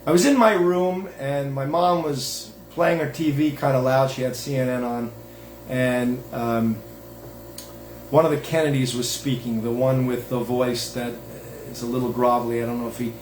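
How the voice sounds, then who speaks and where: A man's voice: mid-range voice, fairly even intonation, moderate pace, darkish tone, roomy sound, slight background noise. A man hosting his own show, giving a digressive religious monologue in a folksy, self-interrupting way. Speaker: host.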